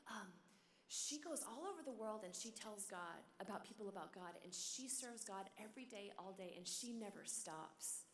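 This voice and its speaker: A woman voicing an embarrassed young mother who gently explains something to her small daughter in a soft voice. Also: medium pitch, animated, moderate pace, a little hiss or hum, natural voice. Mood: gentle, soothing. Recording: echoey hall, long reverb.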